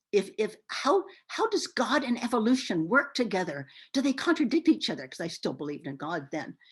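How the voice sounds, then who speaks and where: An older woman telling her life story in an oral history interview, expressive and animated, often pausing with fillers. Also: lowish voice, slightly rough.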